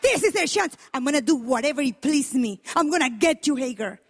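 A woman's voice: high-pitched, animated, fairly quick, vocal fry, in a large hall. A woman preacher acting out an upset, accusing biblical wife in a sermon. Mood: vengeful.

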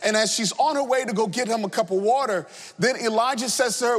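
A man with a notably high voice reads a scripture passage and moves into a sermon. He speaks earnestly and deliberately, circling back over his words as he works toward his point. A long reverb hangs on the recording. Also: husky. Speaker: preacher.

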